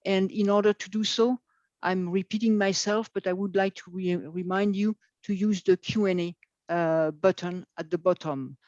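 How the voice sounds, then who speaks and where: A woman moderating an online event, speaking haltingly with many filler sounds. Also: medium pitch, steady tone, a little mellow, no echo. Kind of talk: hesitant live announcements. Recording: dull lo-fi video call audio.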